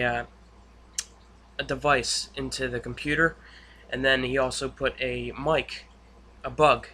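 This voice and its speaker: Bright-voiced young man recapping casually. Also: mid-range voice, a little hiss or hum. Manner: rambling retelling with many fillers. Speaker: YouTube reviewer. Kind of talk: casual spoken episode recap.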